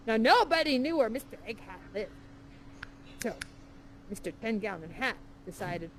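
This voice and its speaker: Playful high-voiced woman storyteller. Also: big pitch swings, normal speed, a little hiss or hum. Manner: playful, theatrical. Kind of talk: improvised puppet-show storytelling. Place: virtual reality game.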